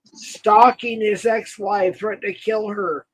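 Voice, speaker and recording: A man talking as a guest on a casual livestream, halting, with many restarts. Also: high-pitched, fairly even intonation, a little hiss or hum, rough recording. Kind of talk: casual live-stream chat.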